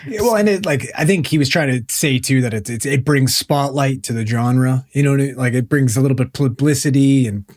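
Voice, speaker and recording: A man's voice: mid-range voice, fairly quick, hardly any pauses, a little mellow. A man co-hosting a casual podcast, joking and swearing emphatically. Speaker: podcast co-host. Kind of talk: casual chat.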